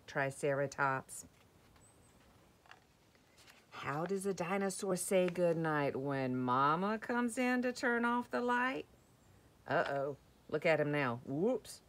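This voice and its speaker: A woman reading a picture book to young children, gentle and slow, asking questions about the pictures. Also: fairly low pitch. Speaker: children's story time reader.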